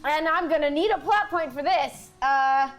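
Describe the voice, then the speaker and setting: A woman playing a tabletop game, loud and excitable, often shouting in character and laughing. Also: sits high, moderate pace, faint music behind.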